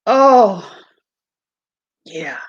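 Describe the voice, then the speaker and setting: Slow-talking hoarse woman streamer. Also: mid-range voice, big pitch swings, muffled recording. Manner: chatty, rambling, laughs often, talks to her chat. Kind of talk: casual live-stream chat.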